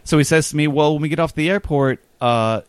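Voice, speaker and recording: Fast-talking man telling a rambling story. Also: a little high, clean tone, no echo. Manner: rambling, self-deprecating, quick anecdotal delivery. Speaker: podcast host telling a story. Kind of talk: casual storytelling.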